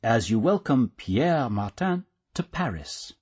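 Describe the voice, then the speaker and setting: A man narrating a language lesson in a measured, instructive way. His voice is slightly husky and very lively in pitch, and his delivery is plainly scripted. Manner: clear, measured teacher's delivery. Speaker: course narrator.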